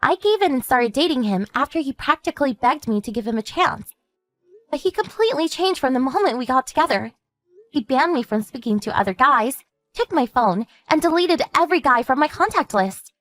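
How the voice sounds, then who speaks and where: A woman voicing a composed woman calmly explaining her sister's husband's dark past in a measured storytelling manner. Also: sits high, faint music behind. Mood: steady. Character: calm woman warning her sister about a stalker ex. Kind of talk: animated story narration.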